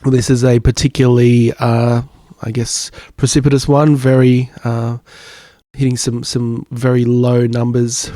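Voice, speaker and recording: A man with a croaky voice from recent illness, talking casually about markets as a channel host, hesitant with many fillers and restarts. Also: medium pitch, warm tone, dry recording, studio quality. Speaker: crypto YouTuber.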